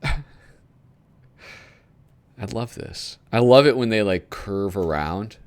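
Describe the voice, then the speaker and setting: In this casual commentary, a man reads from a magazine he's paging through on his video and rambles on about it with frequent chuckles. He speaks slowly and expressively in a lowish, slightly mellow voice.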